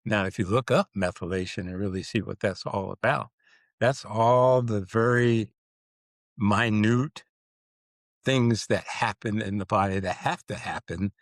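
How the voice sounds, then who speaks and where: A man co-hosting a podcast in casual chat, animated and playful, drawing out words for emphasis. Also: lowish voice, unhurried, no room sound, clean studio sound. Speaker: podcast co-host.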